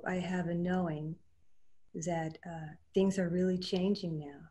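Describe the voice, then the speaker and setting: A woman quilt artist talking in a panel discussion over a video call, earnest and halting, getting emotional as she speaks. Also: on the low side, steady tone, dark tone.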